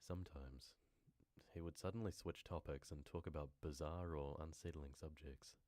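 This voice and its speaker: A man with a very deep, low voice reads horror stories on a live stream. He drifts into casual, rambling chat with viewers between passages. The mic is close and dry, with no room sound. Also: steady tone, moderate pace, darkish tone, no room sound. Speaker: horror story narrator and streamer.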